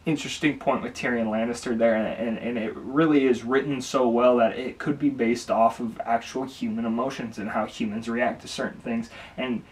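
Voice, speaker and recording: A man's voice: medium pitch, fairly even intonation, normal speed, few pauses, far from the mic. Enthusiastic young man, slightly off-mic. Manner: enthusiastic, rambling with restarts. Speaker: video host. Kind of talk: casual ranking monologue.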